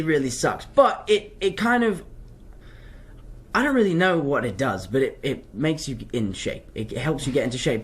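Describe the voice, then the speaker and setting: A young man from London answers fan questions in an English accent, his voice sitting slightly above the usual male range. He talks loosely and cheerfully, wandering off track as he goes, in the easy manner of a casual live Q&A. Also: fairly high pitch. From London, England. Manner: rambling, chatty, wanders off track.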